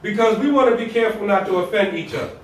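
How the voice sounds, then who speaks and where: A man's voice: high-pitched, quick pace, slight background noise. A man giving a Friday sermon as imam, preaching in a colloquial, conversational way with rhetorical questions and repetition. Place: mosque prayer hall. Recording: echoey hall, voice from far off.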